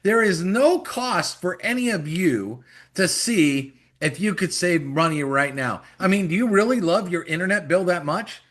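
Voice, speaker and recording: A man's voice: high-pitched, a little slow. Upbeat man giving a sales pep talk. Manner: energetic, persuasive, acts out mock conversations. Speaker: company executive giving sales training. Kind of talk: motivational sales pitch on a call.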